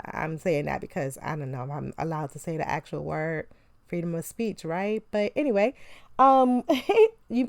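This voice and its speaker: A woman speaking gives a casual, chatty movie review, mid-pitched and laughing between lines. She mimics the characters with sarcastic flair. The recording is dry, with no room sound. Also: moderate pace, a little mellow, no room sound. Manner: chatty, laughing, sarcastic, acts out quotes from the film.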